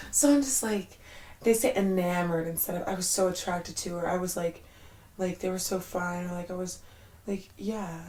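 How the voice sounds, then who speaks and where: A woman's voice: lowish voice, a little mellow. A young woman rambling to herself in a casual solo vlog, candid and loose, full of "like" fillers, swearing freely and sometimes dropping to a near-whisper. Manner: rambling and candid, swearing often, with frequent "like" fillers and sudden laughs; drops to a near-whisper when reflective. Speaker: vlogger.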